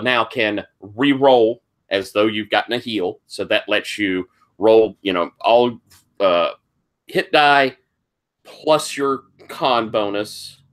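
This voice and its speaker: A man running a tabletop game as game master, slowly describing scenes with frequent pauses and restarts. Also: lowish voice, fairly bright tone.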